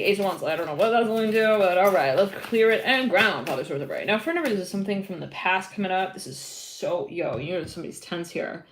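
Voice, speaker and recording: A woman's voice: fairly low pitch, animated, fast talker, hardly any pauses. A woman doing a live tarot reading, chatty and giggly and rambling with many fillers. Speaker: tarot reader.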